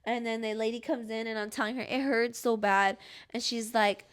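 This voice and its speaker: A woman's voice: on the high side, flat delivery, moderate pace, clean tone. A young woman hosting a podcast, telling a personal story in casual, rambling chat full of "like". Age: young adult. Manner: rambling, fills every phrase with "like"; acts out her own past cries and pleas. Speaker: podcast host.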